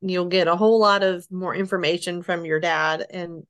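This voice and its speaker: A middle-aged woman being interviewed, telling her story haltingly, with restarts, soft laughs and sighs. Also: fairly low pitch, fairly even intonation, clear, resonant tone. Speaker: interview guest.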